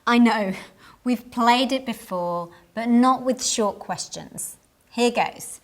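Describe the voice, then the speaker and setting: A woman teaching an English lesson in a scripted style, pronouncing each word carefully and deliberately. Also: fairly high pitch.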